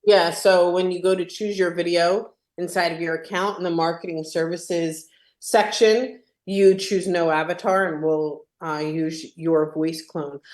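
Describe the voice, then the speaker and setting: Woman host on a video call, chatty, repeats herself to stress a point, echoey room. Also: mid-range voice. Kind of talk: casual webinar Q&A.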